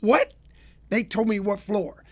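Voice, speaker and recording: Florida guy, business consultant, high-ish voice, folksy energetic storytelling rant. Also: moderate pace. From Tampa area, Florida. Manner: folksy, energetic, acts out people in his stories. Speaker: business consultant and show host.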